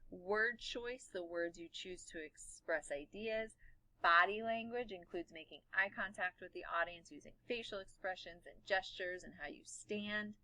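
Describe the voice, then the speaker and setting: Bright-voiced woman teacher explaining a lesson. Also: medium pitch, no echo, low-quality recording. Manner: quick, animated explaining with demonstrations of her voice. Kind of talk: recorded class lesson.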